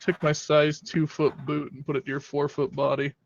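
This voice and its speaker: A man's voice: on the high side, flat delivery, moderate pace, creaky, no echo, highs cut off. A man playing in a tabletop game, joking and laid-back. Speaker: player. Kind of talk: casual tabletop play.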